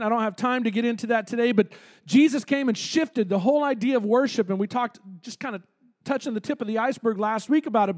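Male pastor, very high voice, casual joking sermon in a church. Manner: conversational, joking preacher with asides. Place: church sanctuary.

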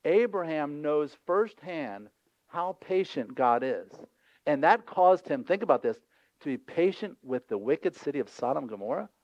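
Guy preaching, kinda high voice, dry dull lo-fi sound, chatty and lively. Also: moderate pace, no echo. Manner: lively, conversational, acts out voices in scripture scenes. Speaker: pastor. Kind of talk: sermon.

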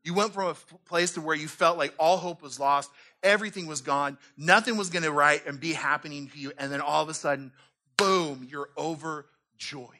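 A male pastor preaching a lively sermon, acting out little scenes and jokes as he reads scripture. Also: on the high side, moderate pace. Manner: animated, acts out voices and jokes.

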